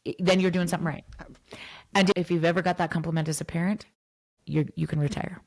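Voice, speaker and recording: Woman psychologist on a podcast, lowish gravelly voice, acts out little scenes. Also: fast. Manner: animated, acts out dialogues, switches to soft whispers. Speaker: psychologist guest. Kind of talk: podcast interview.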